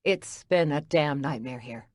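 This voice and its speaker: A man's voice: on the high side, measured pace, dry recording, clean studio sound, natural voice. A woman voicing a busy, apologetic male executive in an audiobook.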